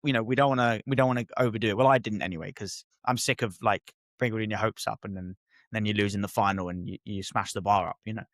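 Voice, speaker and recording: A man co-hosting a football podcast, talking in animated, exasperated bursts. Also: on the low side, fast talker, no echo, studio quality. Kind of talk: casual football chat.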